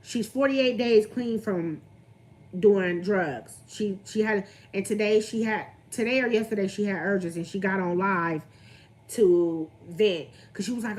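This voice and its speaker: A woman's voice: mid-range voice, unhurried, a little mellow. A young woman, venting candidly on her livestream and greeting viewers as she talks. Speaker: vlogger on a livestream.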